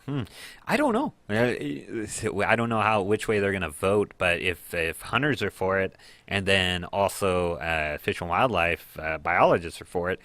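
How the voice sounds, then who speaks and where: A man's voice: low voice, expressive, moderate pace, fairly bright tone, no echo. A man co-hosting a local radio news review, chatting casually with frequent fillers and restarts. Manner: chatty, stumbling with many fillers.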